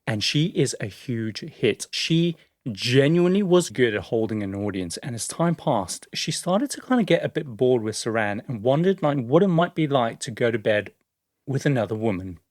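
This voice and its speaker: A man's voice: mid-range voice, very animated, normal speed, a little mellow, no room sound. Chatty man telling a story, dry sound. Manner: chatty and laughing, with filler likes. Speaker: podcast co-host. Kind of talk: casual storytelling chat.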